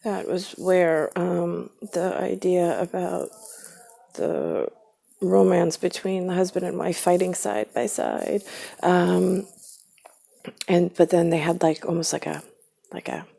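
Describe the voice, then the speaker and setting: A woman's voice: lowish voice, slow, gravelly, warm tone, husky. A woman vlogging in a rambling solo monologue, drifting between scattered thoughts with many fillers and heated, swearing outbursts.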